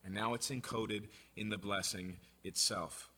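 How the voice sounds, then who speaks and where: Husky-voiced man preaching verse by verse. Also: on the low side, measured pace. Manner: reads scripture aloud then explains it, animated and conversational. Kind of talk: expository sermon.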